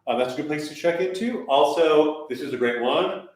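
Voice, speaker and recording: A man leads an online voice lesson, talking students through exercises in a relaxed, chatty way. He sounds a fair way off the microphone. A heavy room echo surrounds every word. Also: a little high, normal speed, distant mic. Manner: relaxed, chatty coaching with vocal demonstrations. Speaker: voice teacher. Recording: very echoey room, voice heard from afar.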